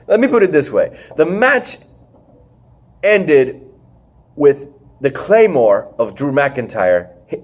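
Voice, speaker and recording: A man's voice: on the high side, a little mellow. A man hosting a podcast, chatting casually and rambling, with frequent swearing and fillers. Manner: rambling, swearing, leans on "freaking". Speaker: podcast host. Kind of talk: casual wrestling review chat.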